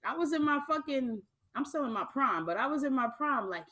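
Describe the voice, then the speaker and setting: A woman's voice: high voice, expressive, a little fast, pushed and bright. A woman in her thirties telling a profane story in casual chat, laughing often and talking with lots of energy.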